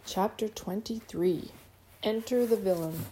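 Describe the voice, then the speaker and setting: Mellow-voiced woman narrating an audiobook. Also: mid-range voice, unhurried, slight background noise. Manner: lively and expressive, with occasional stumbles.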